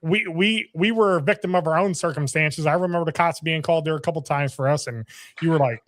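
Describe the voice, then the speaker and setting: A man's voice: on the high side, quick pace, a bit bright, dry recording. A man, a race announcer, talking bluntly in casual chat, swearing and repeating words.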